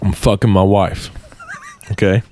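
A man imitating a crude redneck storyteller who brags in a drawn-out way. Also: lowish voice, a little mellow. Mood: bragging. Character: crude, bragging redneck man telling a tale.

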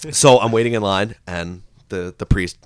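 A man telling a long, profane story on his podcast, animated, with sudden loud rants. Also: fairly low pitch, moderate pace, clear, resonant tone, no echo. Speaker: podcast host. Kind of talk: casual storytelling chat.

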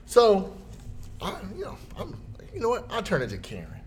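A man telling a funny everyday story in a casual chat, jumping into high voices when he quotes people. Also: wildly swooping pitch, moderate pace.

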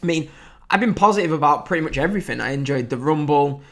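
A man in his late twenties rants casually as a podcast host. His pitch swings widely as he goes from loud, sweary outbursts to low, grumbling mutters. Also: lively intonation, fast talker. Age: 20s. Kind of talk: casual ranting commentary.

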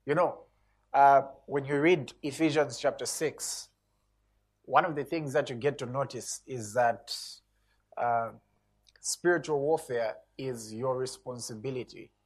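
Husky guy preaching, gets loud and punchy on the scripture bits. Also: fairly high pitch. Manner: emphatic, rising to loud stressed scripture reading. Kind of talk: sermon.

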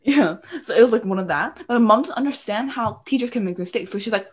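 A woman's voice: on the high side, big pitch swings, moderate pace, sharp tone, husky. A young woman co-hosting a podcast, telling stories about her family in casual chat. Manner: chatty storyteller, quoting family. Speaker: podcast co-host.

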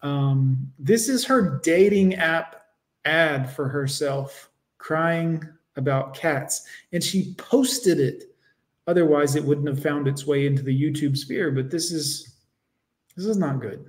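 A man hosts a live stream, commenting on a video as it plays. His voice sits a little high, and he is blunt and sarcastic as he speaks to his chat. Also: slow pace. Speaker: streamer host.

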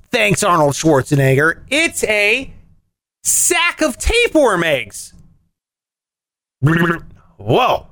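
Animated man ranting comedy news. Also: takes it slowly, dry recording, studio quality. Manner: animated, jokey, swings pitch for punchlines. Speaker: podcast host.

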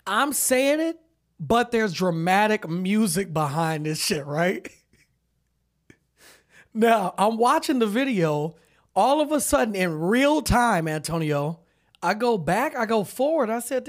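Animated laughing male podcast co-host. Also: high voice, slow. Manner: animated storyteller, laughs often, acts out quotes. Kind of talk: casual chat.

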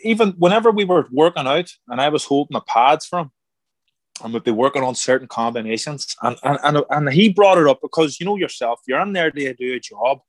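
A middle-aged man, a former boxer turned actor, telling stories in a casual interview, animated and acting out quoted voices. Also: fairly high pitch, brisk, no echo. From Ireland. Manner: animated, acts out quoted voices, repeats words. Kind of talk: casual conversational storytelling.

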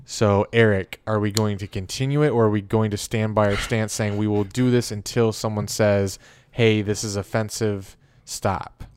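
Man, podcast host, smooth lowish voice, relaxed chatty delivery with fillers. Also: normal speed, few pauses. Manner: easygoing, filler-heavy, questioning. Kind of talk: casual chat.

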